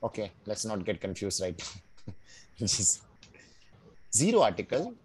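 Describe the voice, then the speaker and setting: A man teaching a beginners' German class. He explains patiently, drills words slowly and keeps checking in with his students. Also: fairly low pitch, sing-song, darkish tone, husky, rough recording. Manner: patient, checks in often with "right?" and "no?"; drills pronunciation slowly, word by word. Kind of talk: live online language class.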